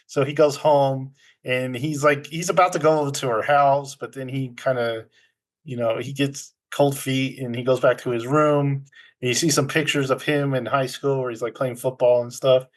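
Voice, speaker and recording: A man casually retelling a movie plot on a podcast, rambling with frequent ums and small laughs. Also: mid-range voice. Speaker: podcast co-host. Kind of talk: casual movie recap chat.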